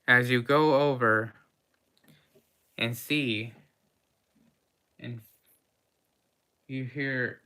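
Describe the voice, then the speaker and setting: A woman running a tabletop game as game master, narrating the party's dice rolls and actions in a halting way with frequent pauses. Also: rumbling low, steady tone, pushed and bright, clean tone.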